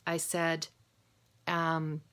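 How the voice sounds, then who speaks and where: A woman who works with patients, talking casually and gently, guiding a visualization and laughing often. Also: low voice, monotone, drawn-out words. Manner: soft, encouraging, laughs often. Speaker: health practitioner. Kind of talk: casual guided talk. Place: home.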